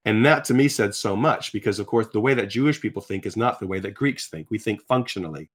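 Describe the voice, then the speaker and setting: A man in his sixties telling his conversion story in conversation, animated, acting out quotes as he talks. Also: on the low side, quick pace. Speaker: guest sharing his testimony. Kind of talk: conversational faith testimony.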